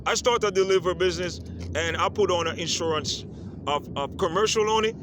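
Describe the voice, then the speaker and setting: A man's voice: sits high, a little fast. A man who grew up on a Caribbean island, talking to the camera in a casual monologue and asking "you understand?" again and again. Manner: repeats "you understand?" often. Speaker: vlogger. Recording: faint street noise outdoors.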